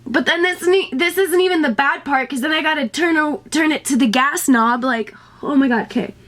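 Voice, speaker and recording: A woman's voice: sits high, a little fast, a bit bright. A young woman vlogging to camera, nervous and swearing as she talks herself through a scary task at home. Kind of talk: casual vlog talking to camera. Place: home utility space by a water heater.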